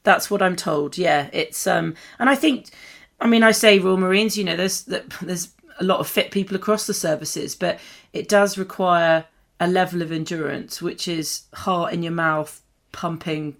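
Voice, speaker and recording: A woman's voice: fairly low pitch, normal speed. A woman co-hosting a forces radio show, chatting casually with many fillers and reading sports news. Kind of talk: casual chat and news read.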